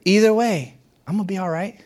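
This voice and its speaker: A man's voice: high voice, brisk, darkish tone. A man preaching a sermon as a pastor, in a conversational and playful way, often laughing and acting out what others said.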